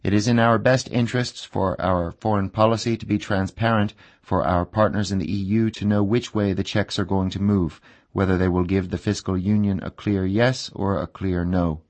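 Guy with a lowish voice doing a steady news translation voice-over. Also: normal speed. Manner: steady, formal reading.

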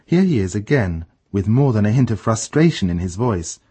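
Husky low-voiced male narrator. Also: very animated, dark tone. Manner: measured, explanatory. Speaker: radio program host. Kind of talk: scripted documentary narration.

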